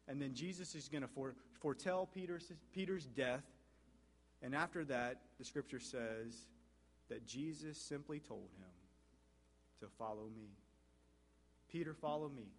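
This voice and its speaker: A male pastor preaching a sermon, asking the congregation questions and repeating phrases, rising to loud high peaks and dropping to soft low passages. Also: measured pace, pauses often.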